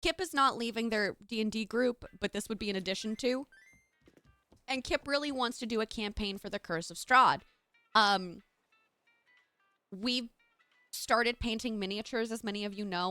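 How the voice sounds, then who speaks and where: A woman's voice: medium pitch, bright, forceful tone, no room sound. A young adult woman streaming live, chatting casually and gushing thanks to her chat in a bubbly way.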